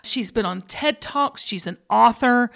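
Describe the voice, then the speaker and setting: A woman's voice: on the high side, measured pace, vocal fry, a bit bright. A woman hosting a podcast, chatty and playful, teasing her co-host and guests. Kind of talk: casual chat.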